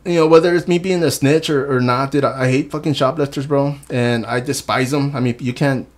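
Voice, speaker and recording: Quick, rambling podcast host man. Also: mid-range voice, fairly even intonation. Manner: rambling, filler-heavy, calls listeners man and bro. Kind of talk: casual podcast chat. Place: podcast studio.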